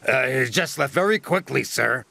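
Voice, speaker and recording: A man's voice: mid-range voice, animated, moderate pace, creaky, pushed and bright, no echo, heavily acted. A man doing a wheezing, grumpy big engine. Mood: hesitant. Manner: wheezing and cross. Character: big, proud, grumpy male express engine.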